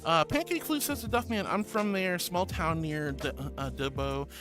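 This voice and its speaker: A woman's voice: lowish voice, normal speed. Bubbly American woman streamer, music behind. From born in Australia, raised in the US. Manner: sweet, doting, calls viewers sweetie and honey; giggly and bubbly. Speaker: VTuber streamer. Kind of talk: live stream, reading chat aloud. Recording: background music under the voice.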